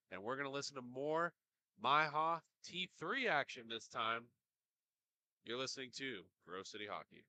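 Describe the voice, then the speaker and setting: A man with a sick, hoarse voice doing casual play-by-play commentary on a hockey game. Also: medium pitch, expressive, moderate pace, pushed and bright.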